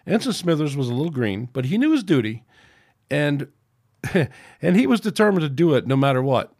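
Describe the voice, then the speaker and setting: A man's voice: mid-range voice, lively intonation, a little fast, no room sound, clean studio sound. A man reading his own science fiction story aloud as a podcast narrator, in a plain, unpolished way. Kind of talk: amateur audiobook narration.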